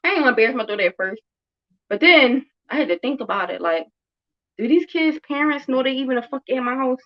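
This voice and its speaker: A podcast host and mother of around thirty tells a parenting story in a casual chat, her voice a little high, animated and fast. She's blunt and emphatic, swearing and repeating herself a lot. The lo-fi recording sounds muffled.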